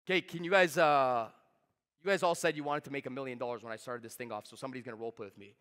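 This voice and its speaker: A man giving a live sales seminar, talking fast, emphatic and blunt, swearing freely at his audience. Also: mid-range voice, fairly even intonation, a bit bright, long reverb tail. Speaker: sales trainer.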